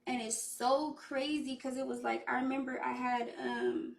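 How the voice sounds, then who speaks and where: Young woman, gravelly, higher pitched, loose profane storytelling, echoey room, distant mic. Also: level tone, moderate pace. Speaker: recording artist. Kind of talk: casual story time.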